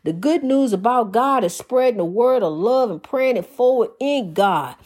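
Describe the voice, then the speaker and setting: A woman's voice: a little high, expressive, normal speed, a little mellow. A woman preaching an informal sermon in rhythmic, repeated refrains, folksy and calling her listeners honey.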